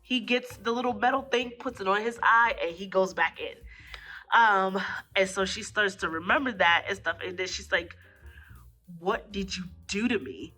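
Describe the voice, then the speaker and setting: A woman giving a rambling, casual movie recap, full of fillers and quick acted-out quotes. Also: medium pitch, pushed and bright, faint music behind. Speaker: movie reviewer. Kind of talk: casual spoken plot recap.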